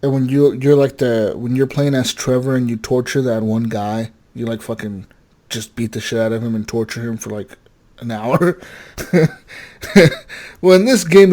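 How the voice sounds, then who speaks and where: A young man co-hosting a gaming podcast, telling a story with animated energy, swearing and acting out the characters' lines. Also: medium pitch. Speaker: podcast co-host. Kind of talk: casual gaming chat.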